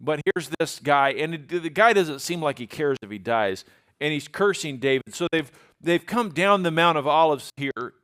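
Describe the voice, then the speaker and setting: A man with a somewhat high voice teaches from the Bible. He has a relaxed, folksy delivery and mixes plain modern phrasing with read-aloud verses in older English. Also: moderate pace. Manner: folksy, retells scripture in everyday words, reads King James verses aloud.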